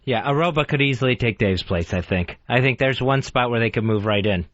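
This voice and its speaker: A man's voice: mid-range voice, a little fast, dry recording. A man co-hosting a talk radio show, talking hesitantly and defensively. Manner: hesitant, defensive, nervous laughter. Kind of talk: casual talk radio banter. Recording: dull, dry studio broadcast sound.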